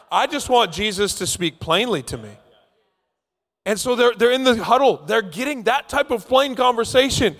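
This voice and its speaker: A man's voice: very high voice, lively intonation, moderate pace, a bit bright. A man preaching a sermon, telling stories playfully and acting out the scenes. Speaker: pastor. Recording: long reverb of a large hall.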